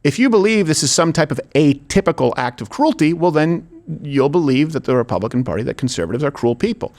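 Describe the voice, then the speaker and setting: A man hosting a comedic political commentary show, sarcastic and quick to laugh. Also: a little high, expressive, a little mellow. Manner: sarcastic, bursts into laughter and mock voices. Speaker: show host.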